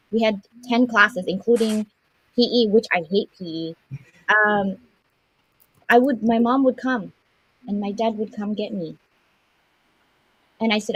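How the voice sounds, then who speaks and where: A middle-aged woman from the Philippines, telling a personal childhood story in an animated way and acting out the quotes. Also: medium pitch, moderate pace, slightly rough, no echo, poor audio. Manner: animated, acts out quotes, laughs. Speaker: guest sharing a life story.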